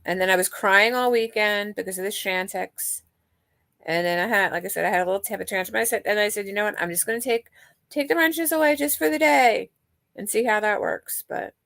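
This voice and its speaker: A middle-aged woman with a mid-range, gravelly, slightly bright voice and no echo hosts a livestream. She chats casually and candidly with live chat viewers, rambling with lots of fillers and restarts.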